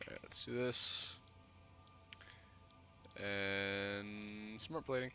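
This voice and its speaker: A man gives unhurried, casual commentary while he plays, half talking to himself. His voice is low but bright, and the recording is slightly dull with faint noise behind it. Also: steady tone, soft background music. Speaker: gaming streamer.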